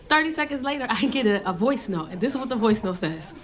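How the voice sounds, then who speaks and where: A woman's voice: sits high, expressive, fairly quick. A woman doing stand-up in a comedy club, brash and teasing the crowd. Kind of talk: stand-up set. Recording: live club with loud laughing crowd.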